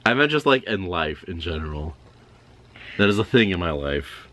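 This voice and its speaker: A young man in casual podcast chat, joking around in a deadpan way. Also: low voice, normal speed. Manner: deadpan, joking, puts on silly voices. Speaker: podcast co-host.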